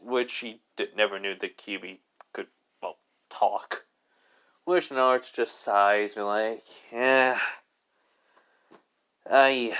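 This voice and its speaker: A man narrating a fan-made story off the cuff, rambling and restarting, with lots of filler words. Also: on the low side. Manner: rambling, full of "basically" and restarts.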